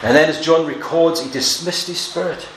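An earnest male preacher delivering a Bible sermon, reading scripture quietly and then pressing his points with sudden emphasis. His voice sits a little higher than most men's. The room is echoey, with a faint hum of ambience behind him. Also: moderate pace.

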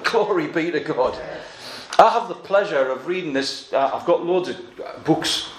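A man preaching a sermon, earnest and emphatic, slowing down to stress quoted verses. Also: fairly high pitch, expressive, roomy sound, crowd noise.

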